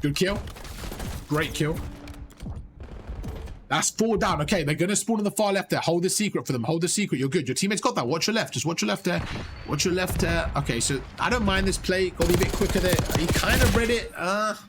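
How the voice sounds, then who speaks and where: A man's voice: sits high, animated, fairly quick, background noise. A man giving live coaching commentary over gameplay, rattling off repeated urgent instructions and talking to his chat. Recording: game gunfire loud behind voice. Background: game gunfire and sound effects.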